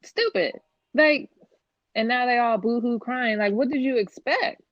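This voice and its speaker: Her voice sits a little high and she speaks a little slowly as she co-hosts a laid-back podcast, exasperated, blunt and cursing without restraint. The recording is dry, with a slightly dull, lo-fi quality.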